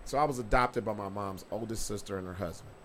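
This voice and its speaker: A man's voice: fairly low pitch, quick pace, a bit bright, slight background noise. A man hosting a podcast, telling stories in casual chat with a swaggering, profane delivery. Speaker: podcast host.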